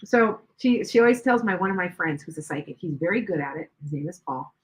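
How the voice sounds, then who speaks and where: A woman's voice: fairly low pitch, expressive, quick pace, poor audio. An older woman hosting a live stream as a psychic reader, chatting casually and rambling, with many restarts and asides to her viewers.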